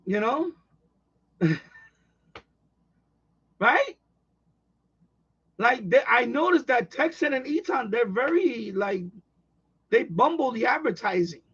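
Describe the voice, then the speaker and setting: A man hosting a radio hobby livestream, chatting casually with viewers in a rambling, excitable way with many restarts. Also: extremely high pitch, slow, long pauses, breathy edge, highs cut off. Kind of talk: casual livestream chat reading viewer comments.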